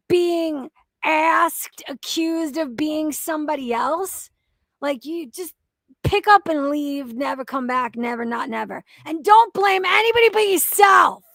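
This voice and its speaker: Young woman ranting on her commentary vlog, high voice, drawn out and slow, lots of swearing. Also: creaky, fairly bright tone, no room sound. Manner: profane, exasperated, mocking. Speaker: commentary channel host.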